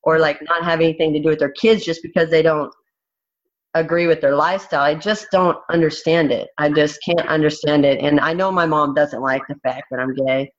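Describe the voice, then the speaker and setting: A woman's voice: low-pitched, fairly even intonation, fairly quick. Blunt, frank woman on lo-fi audio. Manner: blunt, frank, swears freely. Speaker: interviewee, fighter. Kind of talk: candid interview.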